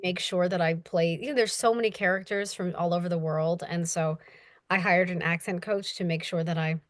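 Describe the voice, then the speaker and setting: A young woman speaks in a relaxed interview, telling stories about narrating an audiobook. She animates quoted voices with sudden high jumps in pitch. The sound is close and dry, with no room around her. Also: a little fast, dry recording. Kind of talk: casual interview talk.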